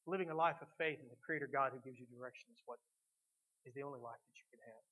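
A middle-aged man preaching a sermon as pastor, swinging between loud emphatic lines and quiet reflective ones. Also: mid-range voice, quick pace, poor audio.

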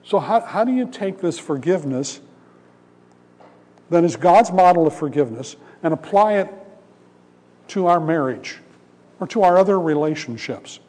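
A man's voice: fairly high pitch, lively intonation, normal speed, pauses often, darkish tone. A male pastor giving a sermon in a conversational storytelling way, acting out the voices in a parable. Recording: long hall reverb.

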